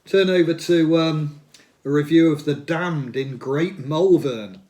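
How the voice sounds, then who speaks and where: A man in his sixties hosting a casual talk through old music magazines, chatty and reminiscing, pausing on fillers and growing enthusiastic. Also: a little high, warm tone. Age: 60s. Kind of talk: casual spoken commentary.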